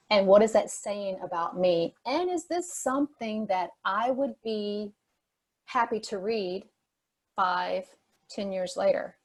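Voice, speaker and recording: A woman's voice: mid-range voice, low-quality recording. A woman delivers a motivational talk as a guest speaker, full of energy and leaning hard on her main points. She repeats key phrases for weight and talks straight to her young audience over a video call. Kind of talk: motivational talk to a youth forum.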